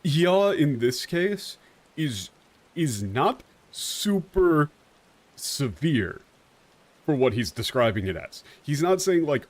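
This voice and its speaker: A young male streamer chatting over his game in an animated, unscripted way. He swears freely and fills pauses with "like". His voice bounces lively between high and low. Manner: animated, profane, many fillers. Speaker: streamer explaining translations. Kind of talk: casual game commentary.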